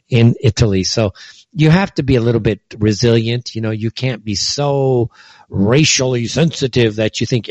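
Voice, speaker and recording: Rambling man, low voice. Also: darkish tone, no room sound. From California. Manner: rambling, leans on fillers and acted-out asides. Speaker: commentator. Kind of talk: casual rambling monologue. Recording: dull, dry lo-fi recording.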